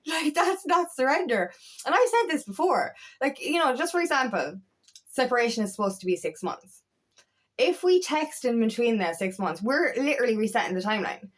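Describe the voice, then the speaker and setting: A young woman speaks straight to her followers as an empowerment coach, in a voice sitting a little above the usual female range. She is candid and emphatic, pressing her point with repeated rhetorical questions and frequent swearing. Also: fairly high pitch. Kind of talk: candid confessional vlog.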